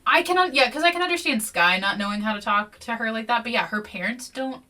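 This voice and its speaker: A woman's voice: on the high side, animated, quick pace, sharp tone, far from the mic, a little hiss or hum. A woman co-hosting a casual book podcast, talking animatedly, swearing freely and acting out quotes. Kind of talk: casual book-club chat and reading aloud.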